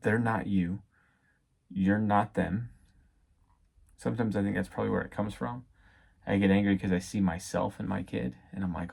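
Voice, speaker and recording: Thirties father, faith vlogger; lower, gravelly husky voice, reflective and halting delivery. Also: steady tone, darkish tone. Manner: reflective, halting with many fillers. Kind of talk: casual devotional talk.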